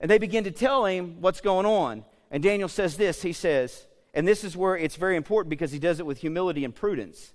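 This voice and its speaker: Animated high-voiced male pastor preaching. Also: brisk, hardly any pauses, in a large hall. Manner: animated, conversational, joking asides, repeats "okay?". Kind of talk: sermon.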